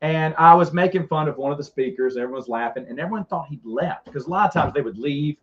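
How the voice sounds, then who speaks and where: A middle-aged man telling rambling, animated stories as a podcast co-host in casual chat. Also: fairly high pitch, fast talker, slight background noise. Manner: rambling, animated, frequent restarts. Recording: dull lo-fi sound.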